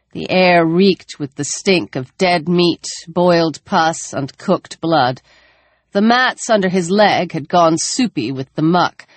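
A woman reading a novel aloud in a slow, measured, low-key narration. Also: no echo. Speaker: audiobook narrator. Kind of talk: scripted narration.

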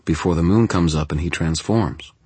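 A man voicing a sharp, skeptical young woman who presses with quick, insistent questions. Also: sits low, husky, no echo.

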